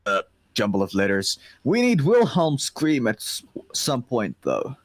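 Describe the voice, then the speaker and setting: A man's voice: mid-range voice, no echo. A man co-hosting a livestream, chatting casually while reading a comic and laughing often. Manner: slow, animated, frequent laughter. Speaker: livestream co-host.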